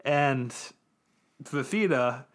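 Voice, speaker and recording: A man's voice: medium pitch, extremely slow. A man casually recapping an anime episode on a podcast, loose and joking, with plenty of ums and restarts. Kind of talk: casual chat.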